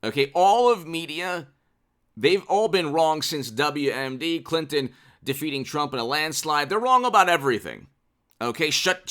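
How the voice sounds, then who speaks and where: A man with a fairly high, bright, forceful voice runs his own commentary channel. He reads news headlines aloud and riffs on them with heavy sarcasm, often stumbling and restarting mid-sentence. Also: big pitch swings, normal speed. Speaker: political commentary channel host. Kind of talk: casual commentary reading headlines.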